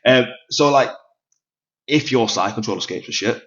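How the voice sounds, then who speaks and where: A man's voice: mid-range voice, moderate pace, fairly bright tone. A man with a Manchester accent hosting a grappling podcast, chatting casually, swearing and laughing easily. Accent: Northern English, Manchester. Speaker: podcast host and grappling coach. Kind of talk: casual chat. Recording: dull lo-fi sound.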